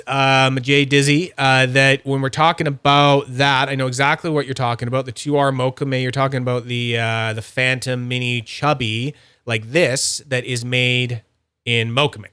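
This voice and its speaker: A man's voice: medium pitch, steady tone, measured pace, sharp tone, smooth, no echo, studio quality. A young man rambling casually about fidget toys, full of fillers and restarts. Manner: rambling, filler-heavy, chatty. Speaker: fidget toy reviewer. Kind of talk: casual unboxing chat.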